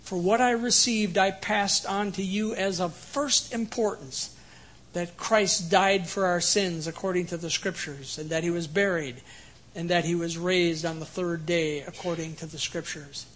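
A man preaching an earnest sermon, who later leads a quiet prayer. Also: high-pitched, steady tone, measured pace, low-quality recording. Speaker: pastor.

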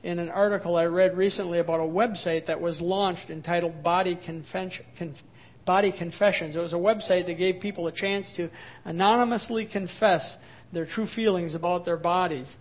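A high-voiced man preaches a sermon. He sounds animated and gets loud and forceful on his points of emphasis. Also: moderate pace. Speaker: pastor.

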